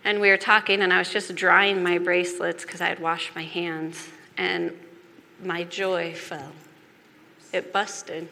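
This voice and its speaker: A woman delivers a confessional sermon, earnest and heavy on repetition. Her tone is bright and her pace unhurried. The voice carries a long hall reverb over faint background noise. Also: lowish voice, level tone, creaky. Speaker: preacher. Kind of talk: personal testimony sermon.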